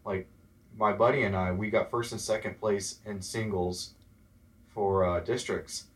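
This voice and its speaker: Guest spot: young man from Texas, lowish voice, lively storyteller who does the voices in his anecdotes. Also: measured pace. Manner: animated storyteller, acts out quoted voices. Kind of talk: casual interview chat.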